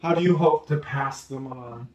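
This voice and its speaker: An educator interviewing a former student in a casual talk, affirming and quick to laugh. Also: mid-range voice, roomy sound, distant mic. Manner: warm, affirming, laughs easily.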